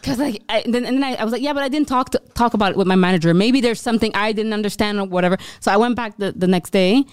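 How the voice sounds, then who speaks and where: A young woman from Montreal chats casually on a podcast, circling back and restarting her sentences as she tells stories. Her pitch sits in the middle, and the recording is dry and close. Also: smooth, dry recording. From Montreal, Quebec. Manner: rambling, halting restarts. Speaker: podcast guest, comedian. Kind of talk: casual storytelling chat.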